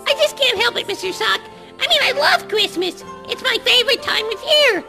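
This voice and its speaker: A woman voicing a playful, childish male sock puppet who rambles and jokes mischievously, in a squeaky, gravelly voice. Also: lively intonation, normal speed, bright, forceful tone, soft background music, full character voice.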